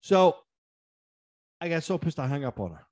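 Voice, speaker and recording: A man in casual chat, telling a story in an animated, ranting way, acting out both sides of phone calls and climbing sharply in pitch when riled. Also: moderate pace, muffled recording. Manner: acts out the other side of phone calls; repeats himself, frequent restarts.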